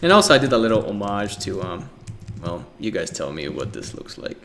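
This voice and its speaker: A man's voice: fairly low pitch, very animated, brisk, fairly bright tone, slight background noise. Rambling young man lecturing on art. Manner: rambling, filler-heavy, breaks into acted voices and sound effects. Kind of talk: casual recorded lecture.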